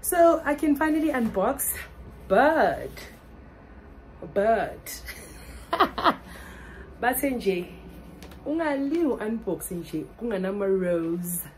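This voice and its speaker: Young South African woman vlogger, unhurried but excitable, slight room hiss. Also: on the high side, poor audio. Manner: excitable, laughs often, mixes English and Zulu. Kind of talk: casual vlog chat.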